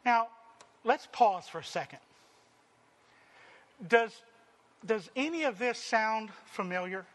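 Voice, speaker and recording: Man preaching, high voice, slow deliberate delivery, dramatic swings from loud to hushed. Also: expressive. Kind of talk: sermon.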